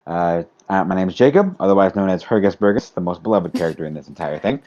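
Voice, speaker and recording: A man's voice: low voice, quick pace, muffled recording. A man hosting a tabletop game podcast in a joking, casual way, playing along with friends over a call. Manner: joking, swearing, animated. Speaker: podcast host and player. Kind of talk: casual chat. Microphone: online voice call.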